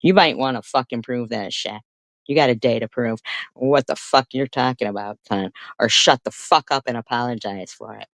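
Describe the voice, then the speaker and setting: A woman's voice: rumbling low, moderate pace, no room sound. Profane, furious woman livestreamer. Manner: profane, confrontational, swears constantly. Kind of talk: angry livestream rant.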